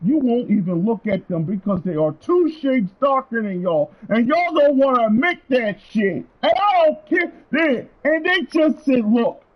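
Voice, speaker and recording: A man's voice: very high-pitched, sing-song, unhurried, few pauses, lo-fi sound. A man streaming, delivering a heated, profane rant to his viewers. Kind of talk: angry rant.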